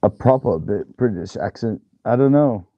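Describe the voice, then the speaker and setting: A man's voice: fairly low pitch, animated, normal speed, no room sound. An easygoing man with an American West Coast accent talks loosely in a casual livestream chat, trailing off and hedging as he goes. The recording is dry and dull, like voice-chat audio with no room sound. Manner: easygoing, rambling, hedges with "you know". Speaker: livestream guest.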